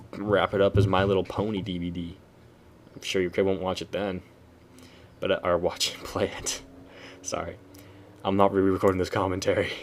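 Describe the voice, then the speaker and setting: A man's voice: deep voice, slight background noise. A young man giving a rambling, preachy spoken commentary, often correcting himself mid-sentence. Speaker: video commentator.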